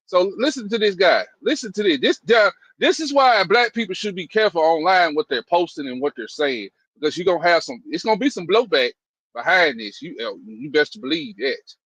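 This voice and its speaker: A man's voice: sits high, very animated, brisk, a bit bright, husky, no room sound, poor audio. A man hosting a livestream, talking loosely and preaching casually to his viewers. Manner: loose, folksy, drawls "y'all". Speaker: livestream host.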